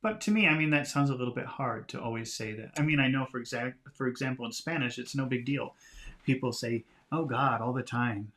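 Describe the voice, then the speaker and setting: A man teaching English vocabulary by reading a storybook aloud, talking in a relaxed, chatty way and laughing at himself. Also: medium pitch, fairly quick. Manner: relaxed, chatty, laughs at himself, lively voices for quoted lines.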